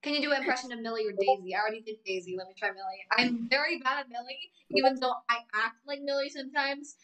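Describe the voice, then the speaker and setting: A woman's voice: a little high, fast, fairly bright tone, rough recording. A woman chatting casually in a creator Q&A, playful and giggly, often teasing. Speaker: co-host of a creator Q&A. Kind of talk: casual chat.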